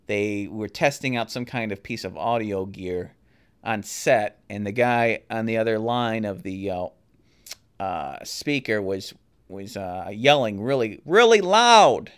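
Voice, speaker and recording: A man's voice: lowish voice, clear, resonant tone. A man hosting a solo podcast, reviewing shows and films in a rambling, casual way with many fillers and restarts. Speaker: podcast host.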